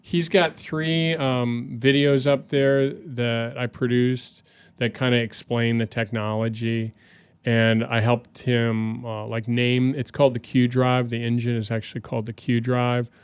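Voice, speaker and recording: A man's voice: medium pitch, little pitch movement, a little slow, clear, resonant tone, no echo. A man in casual chat, telling a long story with many fillers and frequent laughs. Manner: rambling, laughs often. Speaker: guest.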